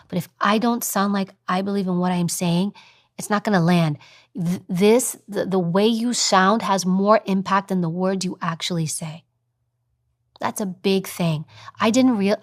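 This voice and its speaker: A woman guest in an interview, a former agent now on TV news, talking emphatically and acting out voices as examples. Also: medium pitch. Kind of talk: interview advice talk.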